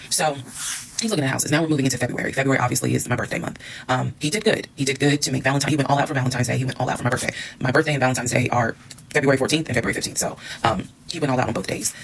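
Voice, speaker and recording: A woman's voice: extremely low pitch, slight background noise, poor audio. A woman telling a personal story to her followers, candid and blunt, swearing and acting out what people said. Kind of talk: storytime monologue.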